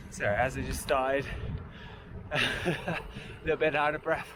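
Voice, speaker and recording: A man vlogging casually as he rides a bicycle along a country highway, rambling and chuckling as he talks to viewers over wind and road noise. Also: steady tone, unhurried. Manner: rambling, chatty asides to viewers, chuckles often. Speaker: touring cyclist vlogger. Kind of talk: casual vlog narration while cycling.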